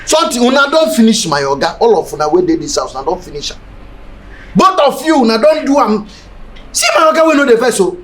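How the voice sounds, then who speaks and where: An actor with a Nigerian Pidgin accent playing a loyal, mouthy house servant who talks back defiantly. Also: male voice, extremely high pitch, very animated, fast talker, slight background noise. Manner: accusing, defiant.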